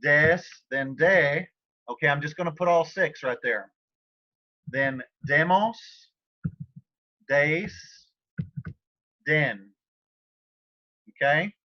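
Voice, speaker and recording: A man with a fairly high voice teaches a live online language class in a loose, chatty way. He keeps stopping to clear his throat. The sound is dull and lo-fi, like computer audio from a video call. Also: extremely slow, long pauses. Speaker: Spanish teacher.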